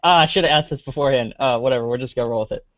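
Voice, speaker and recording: A man's voice: medium pitch, very fast, dry recording. A man from Alabama, a comic creator guesting on a casual podcast, talking hesitantly and correcting himself. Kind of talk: casual chat. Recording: dull lo-fi podcast audio.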